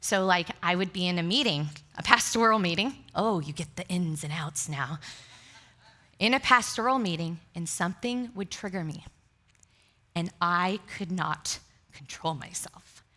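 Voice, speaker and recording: A middle-aged woman pastor delivers a sermon to a congregation in a church sanctuary, her lowish voice a little slow and sharp in tone. She tells candid, self-deprecating stories with frequent laughter.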